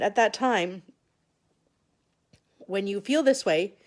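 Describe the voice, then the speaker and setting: A woman talks to camera in a personal, confessional vlog. Her voice sits at a middle pitch, and she sounds emotional and close to tears. She speaks haltingly, often restarting her sentences and pausing for long stretches. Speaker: vlogger sharing a personal story.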